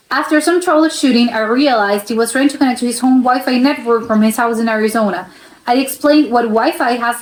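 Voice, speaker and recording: A woman's voice: fairly high pitch, darkish tone, roomy sound, low-quality recording. A woman from the United States hosting a reaction video, reading posts aloud and adding chatty, laughing asides.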